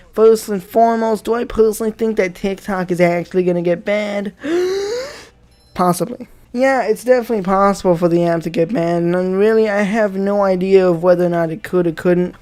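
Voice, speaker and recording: A man's voice: high-pitched, darkish tone. A young man giving a comedic rant commentary, swearing and sarcastic throughout. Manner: profane, sarcastic ranting. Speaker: YouTuber.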